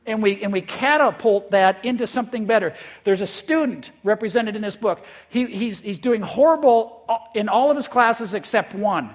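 A male pastor preaching a conversational sermon. He is lively and repeats words when he gets excited. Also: sits high, normal speed. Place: church in eastern South Dakota.

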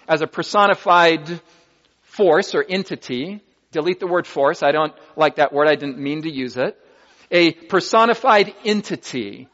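A man preaching a sermon, teaching deliberately and reading scripture aloud with comments, recorded dull and lo-fi in a hall. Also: high voice, a bit bright.

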